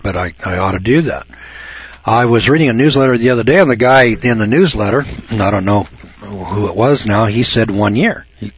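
An older American man with a fairly low, slightly rough voice runs a radio talk show, delivering a casual monologue. He's folksy and emphatic, repeats words to build his points, and mocks callers in a raised voice, all heard through dull, dry, lo-fi radio sound.

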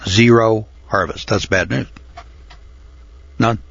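An older man telling a folksy, rambling story from his youth, often pausing with uh and clearing his throat. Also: lowish voice, fairly even intonation, fairly bright tone, muffled recording, a little hiss or hum. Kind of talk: folksy spoken reminiscence.

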